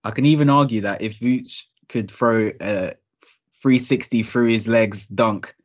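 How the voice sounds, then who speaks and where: A man's voice: lowish voice, unhurried, highs cut off. A man on a sports podcast panel, confident and emphatic as he lays out statistics. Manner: confident, stat-heavy, emphatic. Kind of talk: casual panel chat.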